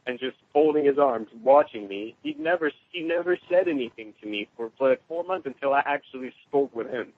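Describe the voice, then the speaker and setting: A man telling a personal story in casual conversation, animated and laughing often. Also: fairly quick, hardly any pauses. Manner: animated, quotes others in raised pitch, laughs often. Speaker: guest. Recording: tinny phone line.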